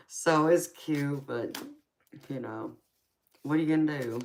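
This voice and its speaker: Very low-voiced slow Southern US woman. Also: big pitch swings. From United States. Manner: laughs often, calls listeners "baby". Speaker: tarot reader hosting a live stream. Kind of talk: casual live chat.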